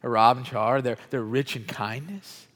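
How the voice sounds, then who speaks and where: A man's voice: mid-range voice, steady tone, normal speed, fairly bright tone. Conversational male pastor in a reverberant hall. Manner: conversational, asks the congregation questions directly; frequent "like" and repeated false starts. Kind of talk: sermon. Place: church hall with chairs.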